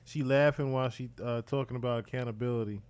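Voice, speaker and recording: A man talks through a reaction video in a casual, blunt way. He sounds incredulous and exasperated, and his voice sits at an ordinary middle pitch. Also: moderate pace, darkish tone. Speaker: commentary host.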